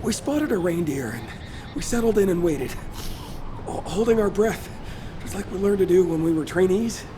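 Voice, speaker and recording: A woman's voice: fairly low pitch, animated, moderate pace, natural voice. An actress playing a shaken young woman hunter who stammers through her account in a game. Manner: hesitant, breathless storytelling. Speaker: game character. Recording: game audio with ambient noise.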